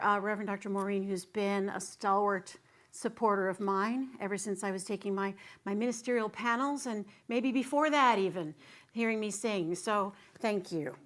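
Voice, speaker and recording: Woman minister, high voice, bubbly, laughing, chatty sermon in a church. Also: a bit bright. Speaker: guest minister. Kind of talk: sermon with singing and audience banter. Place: church sanctuary.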